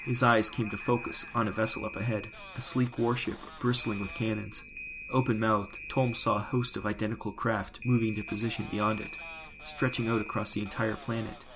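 A man reading a science fiction audiobook in a measured, descriptive way. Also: lowish voice, steady tone, noisy background. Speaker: narrator. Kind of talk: scripted sci-fi audiobook narration. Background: music.

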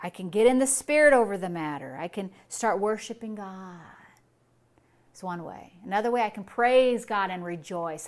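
A woman's voice: medium pitch, expressive, normal speed. A woman pastor preaching a sermon, exuberant, repeating short phrases and breaking into long fits of laughter.

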